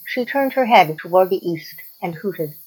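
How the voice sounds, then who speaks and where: A woman hosting a library radio show, reading a folk tale aloud in a lively, expressive way. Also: on the low side, moderate pace, breathy edge, rough recording. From Canada. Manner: expressive, lively read-aloud with voiced characters. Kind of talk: storybook read-aloud.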